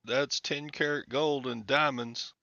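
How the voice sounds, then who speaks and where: A man chatting casually in a laid-back, halting way on a dull lo-fi recording. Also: mid-range voice, fairly even intonation, creaky, sharp tone, no room sound. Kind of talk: casual chat.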